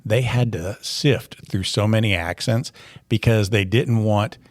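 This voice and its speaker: A man from Tennessee with a general American accent, a teacher and podcast host, leads a casual interview chat full of jokes and teasing. His voice is fairly low and unhurried, and the studio-quality recording has no echo.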